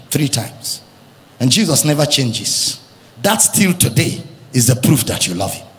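A male pastor with a Nigerian accent preaching an impassioned sermon, shouting and chanting at the peaks. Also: mid-range voice, big pitch swings, unhurried. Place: church hall. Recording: music and long reverb of a big hall.

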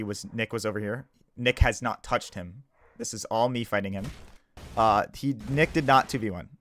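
In a casual video commentary, a gaming YouTuber who has just gotten up justifies himself defensively, stumbling and restarting his lines again and again. His voice is lowish and a bit bright.

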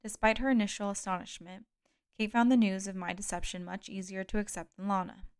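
A woman reading an audiobook aloud in a calm, measured way, close to the mic. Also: mid-range voice, smooth, dry recording. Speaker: audiobook reader. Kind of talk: audiobook narration.

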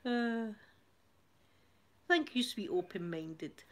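A woman's voice: fairly high pitch, lively intonation, drawn-out words. Glaswegian accent, middle-aged woman, casual live-stream chatter, giggly, laughs often. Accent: Glaswegian Scottish. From Glasgow, Scotland. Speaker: channel host reading viewer comments.

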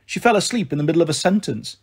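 A male storyteller reads a children's novel aloud very fast, yet his delivery stays steady and gentle. His voice sits a little high with a husky edge.

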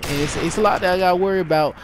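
A man telling a story to his viewers in a casual vlog, animated and rambling, repeating himself and tossing in "yo". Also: high-pitched, rapid-fire. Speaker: YouTuber. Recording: noisy with game gunfire behind.

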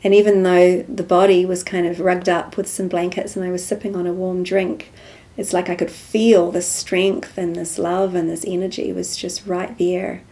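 A woman, softly telling a personal spiritual story as an interview guest. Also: fairly low pitch, little pitch movement, moderate pace, few pauses. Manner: soft-spoken storytelling, acts out quoted dialogue.

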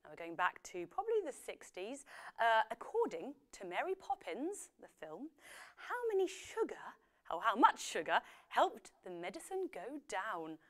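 A woman's voice: a little high, big pitch swings, normal speed. Chatty woman hosting a quiz. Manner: chatty, playful, sings snippets of songs. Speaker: quiz show host. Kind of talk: live app quiz hosting.

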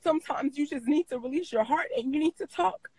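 Woman guest, high voice, dry close sound; emotional personal testimony, repeats herself, lots of "you know", voice breaks into tears at times. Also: brisk, darkish tone, dry recording, rough recording. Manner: emotional, repeats phrases, many fillers. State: crying at times. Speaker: interview guest.

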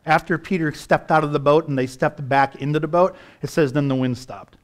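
Middle-aged male pastor, slightly high voice, fervent preaching with rhetorical questions. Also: steady tone, brisk. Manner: preaching with rising fervor, rhetorical questions to the congregation. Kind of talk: sermon.

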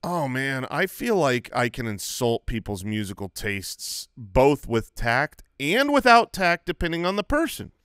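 A man's voice: mid-range voice, sing-song, a little slow, few pauses, fairly bright tone, clean tone, dry recording, studio quality. A man co-hosting a comedy podcast, ranting in casual banter with an opinionated, mock-outraged manner. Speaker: podcast co-host.

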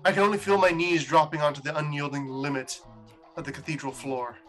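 A solemn dying angel woman speaks a grave last prayer in a slow, hushed reading, as a man reads her lines. The voice stays bright, with soft music behind it. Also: fairly high pitch, fairly even intonation, close to an everyday voice.

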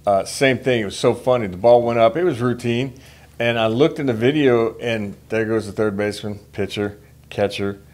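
A man in a casual podcast chat, relaxed, chiming in with short replies and his own anecdotes. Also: mid-range voice, normal speed.

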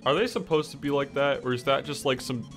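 A man streaming a game, talking casually to chat, excitable, jokey and swearing, with faint music behind him. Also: medium pitch, fast. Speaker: gaming streamer. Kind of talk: casual gameplay commentary to chat.

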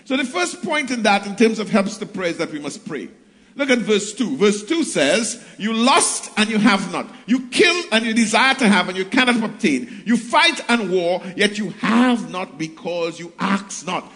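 A man preaches in a church, his voice sitting very high for a man. He reads long passages of scripture and then rises to call out to the congregation. The sound rings with the long reverb of a church hall. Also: expressive, moderate pace, bright, forceful tone. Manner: preaching with scripture readings, rising and calling out to the congregation. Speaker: pastor. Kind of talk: sermon.

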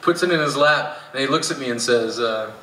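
A man's voice: mid-range voice, fairly quick, pushed and bright, distant mic, slight background noise. Man, wry storyteller, roomy open-air echo, faint crowd ambience. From Canada. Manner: wry, laughing as he tells it. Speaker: spoken word poet. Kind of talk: storytelling to a live audience. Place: outdoor amphitheatre.

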